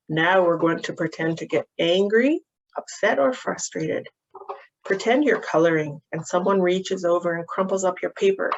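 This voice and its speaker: A woman practitioner gently and patiently walking parents through a calming activity for children, with frequent ums. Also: fairly low pitch, creaky, slightly rough. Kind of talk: instructional walkthrough of a calming activity. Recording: dull, muffled audio.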